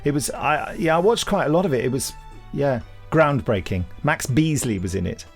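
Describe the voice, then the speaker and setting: A man's voice: mid-range voice, lively intonation, normal speed, creaky, faint music behind. A man co-hosting a casual podcast chat, enthusiastic and theatrical. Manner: enthusiastic, theatrical, sings and does voices. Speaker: podcast co-host.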